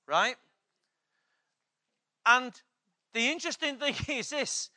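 A man's voice: extremely high pitch, animated, slow pace, long pauses, pushed and bright. A man preaching a sermon, emphatic, repeating key phrases and asking the congregation questions.

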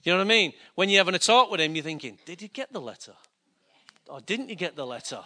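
A man's voice: high voice, lively intonation, rapid-fire, bright, forceful tone. A middle-aged man preaching a sermon, telling a personal story in a chatty, self-mocking way. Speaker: pastor.

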